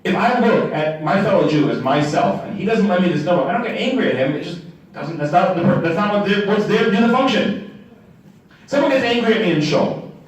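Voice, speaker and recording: A rabbi delivers a sermon, spinning a story and jumping into the voices of the people in it. His voice sits a little high for a man. He is picked up from some distance, and the hall rings with a heavy echo. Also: brisk. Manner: animated storytelling, acting out quoted characters. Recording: echoey room from a distant mic.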